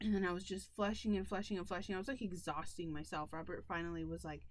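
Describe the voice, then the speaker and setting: A pregnant woman telling a story in casual chat, animated and dramatic, swearing and laughing often. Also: on the low side, fast, poor audio.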